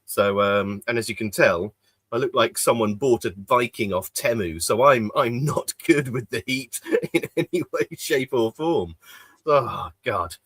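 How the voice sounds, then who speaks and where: A man's voice: medium pitch, lively intonation, unhurried, a bit bright, slightly rough, dry recording. Rambling male podcast co-host, dry sound. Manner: rambling with many fillers and restarts. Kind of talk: casual chat. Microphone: desk mic in an office.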